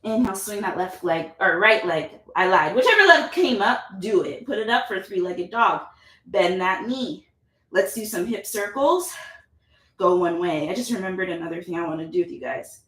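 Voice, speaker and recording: A woman's voice: medium pitch, lively intonation, normal speed, fairly bright tone. A woman yoga instructor guiding a class, upbeat and playful, chatty with whoops and laughter. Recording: echoey room, mic at a distance.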